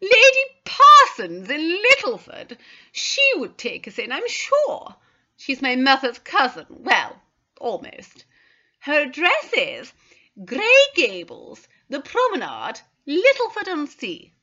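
A woman playing a fussy, fretful mother who complains about everything, pitched high and sharp. The storybook voice is bright, and the audio is slightly dull. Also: wildly swooping pitch, slow, full character voice. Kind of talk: audiobook character voice.

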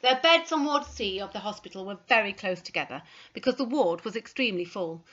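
Bright-voiced woman reading a story. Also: mid-range voice, expressive, fairly quick, lo-fi sound. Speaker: audiobook narrator. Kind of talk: scripted narration.

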